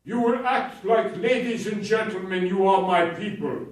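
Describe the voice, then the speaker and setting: A booming, flamboyant theatrical man in his seventies lectures an unruly crowd with grand, effeminate flourishes, as an older man puts him on. The voice swings high and loud, heard from a distant mic in an echoey room. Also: sing-song, extremely slow, heavily acted. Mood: grandly scolding. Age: 70s.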